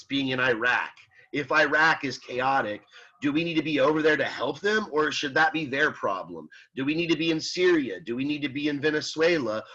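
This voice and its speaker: A man's voice: fairly high pitch, bright, forceful tone. A man teaching an ethics class in a casual, rambling way, with lots of fillers and restarts, reading out student comments and answering them. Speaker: college ethics instructor. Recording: slightly muffled recording.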